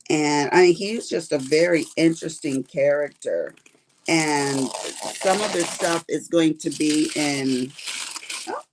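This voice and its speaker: A woman's voice: deep voice, darkish tone, a little hiss or hum. A middle-aged woman with a Texas accent, chatting casually with viewers on her crafting livestream and calling them honey and baby. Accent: Texan. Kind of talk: casual chat with viewers while diamond painting.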